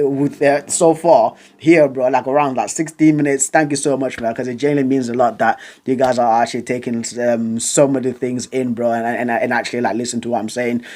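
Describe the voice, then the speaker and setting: A man's voice: medium pitch, darkish tone. A young man vlogging casually about football, rambling and stuttering, with giggles, side tangents and lots of slang. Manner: slangy, calls viewers bro and fam. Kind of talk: casual chat to camera.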